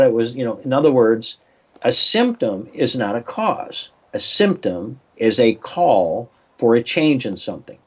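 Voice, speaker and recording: A man's voice: mid-range voice, lively intonation, normal speed, a little mellow, slightly rough. An older man, a coach and interview guest, telling a story over a remote call in a rambling way, with many restarts and acted-out phone voices.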